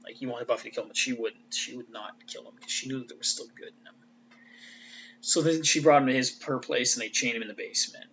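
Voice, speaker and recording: A man talks loosely and casually, swearing often and restarting his sentences mid-thought. His voice is bright and forward. The recording sounds a little muffled, with a faint hiss underneath. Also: mid-range voice, steady tone, quick pace. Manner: loose and chatty, swears freely, trails off and restarts. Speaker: fan commentator. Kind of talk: casual rambling recap.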